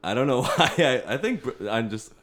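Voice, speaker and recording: A man's voice: mid-range voice, lively intonation, moderate pace, fairly bright tone. A man co-hosting a comedy podcast, joining improvised banter with playful, laughing riffs. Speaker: podcast co-host.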